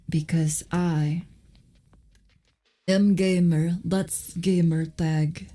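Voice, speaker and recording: A woman's voice: on the low side, takes it slowly, pauses often, dark tone. A woman casually chatting while she draws, rambling and muttering asides as she answers questions from chat. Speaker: streamer drawing while chatting.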